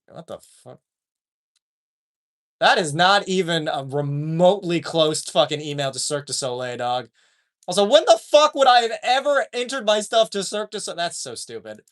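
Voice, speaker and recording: Guy streamer chatting w chat, lots of swearing, voice jumps all over, kinda high. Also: moderate pace. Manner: profane, animated, joking. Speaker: live streamer. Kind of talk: casual live-stream chat.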